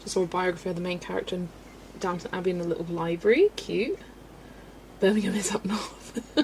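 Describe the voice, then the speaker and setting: A woman's voice: medium pitch, a little mellow, slight background noise, poor audio. A woman from the UK streaming live at home, chatty and giggly, reading viewer comments aloud as she chats. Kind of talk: casual live-stream chat.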